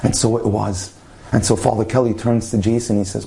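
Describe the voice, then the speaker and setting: A man tells a story in a warm, mellow voice. He acts out the lines of the people in it as he goes. He sounds like he is speaking to a listener in the room. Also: lowish voice, brisk, gravelly. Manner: animated storyteller acting out dialogue.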